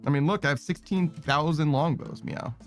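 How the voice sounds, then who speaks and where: A young man streaming a game, chatting casually and rambling, ending nearly every phrase with a quick "meow" and swearing now and then. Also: fairly high pitch, soft background music. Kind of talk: casual gaming stream chat.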